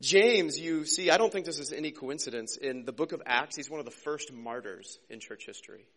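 Relaxed, chatty preacher man. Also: on the high side. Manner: conversational, joking, acts out quick character voices. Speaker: pastor. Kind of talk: sermon.

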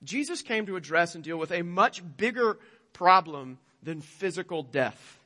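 A man's voice: sits high, expressive, moderate pace, pushed and bright, long reverb tail. A male pastor preaching a sermon emphatically, with rhetorical questions.

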